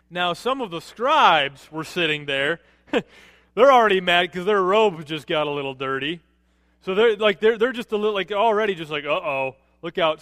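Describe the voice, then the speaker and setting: A man preaching a sermon as a pastor, animated, rising to emphatic peaks and dropping low to quote. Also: dry recording, studio quality, in a large hall.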